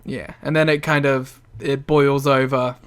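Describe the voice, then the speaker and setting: A man's voice: medium pitch, level tone, measured pace, a bit bright, clear, resonant tone. A man co-hosting a podcast in casual banter, wisecracking and swearing freely. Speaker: podcast co-host.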